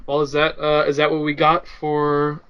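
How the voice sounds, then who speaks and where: A man's voice: fairly high pitch, monotone. A man co-hosting a podcast, chatting and joking casually about films. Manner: chatty, joking, quick to laugh. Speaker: podcast co-host. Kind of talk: casual film review chat. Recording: dull lo-fi podcast audio.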